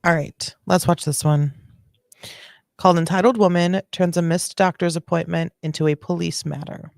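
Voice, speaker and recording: A woman's voice: on the low side, fairly even intonation, normal speed, vocal fry, darkish tone, dry recording, studio quality. A woman hosting a live stream, giving casual, chatty reaction commentary full of swearing and laughing asides. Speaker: livestream host reacting to videos.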